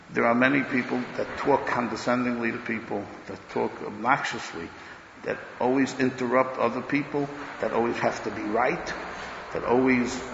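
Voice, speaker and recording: A man giving a Torah lecture in an emphatic, loud way, swinging between declarations and muttered asides, recorded dull in an echoey hall. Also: medium pitch, vocal fry, noisy background. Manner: talks loudly, says he is hard of hearing. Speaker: rabbi giving a Torah class.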